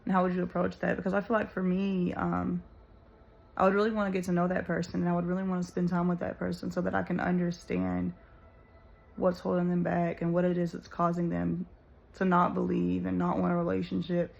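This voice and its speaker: A woman's voice: lowish voice, completely flat delivery, brisk, creaky, a little mellow, lo-fi sound. A woman musing earnestly to viewers in a casual spoken reflection, searching for words with plenty of "like" and "you know.".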